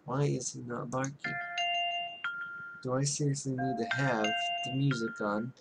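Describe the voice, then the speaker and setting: A man casually commentating a game he is playing, soft-spoken and rambling, making fun of himself. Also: mid-range voice, steady tone, unhurried, gravelly, loud music behind the voice. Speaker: gaming YouTuber. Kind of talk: casual let's-play commentary.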